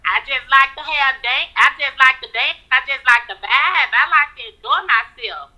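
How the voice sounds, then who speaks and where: A woman in her forties calling in, talking slowly and casually about herself. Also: sits high, pushed and bright. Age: 40s. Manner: slow, drawling talk. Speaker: caller seeking a date. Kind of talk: casual phone conversation. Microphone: phone call. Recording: thin telephone line.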